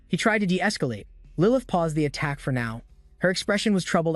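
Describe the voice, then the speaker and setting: A man giving brisk scripted recap narration of a fantasy story. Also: fairly high pitch, lively intonation, dry recording, studio quality. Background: faint background music.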